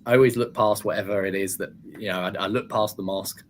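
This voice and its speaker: A man's voice: lowish voice, fairly even intonation, quick pace, slight background noise. A man in his twenties from England, chatting casually in a blunt, sweary way and laughing often. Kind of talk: casual chat.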